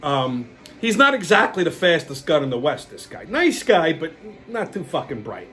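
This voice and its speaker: A man hosting his own show, telling stories in a profane, exasperated, animated rant. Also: fairly high pitch, moderate pace. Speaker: show host. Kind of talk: casual storytelling rant.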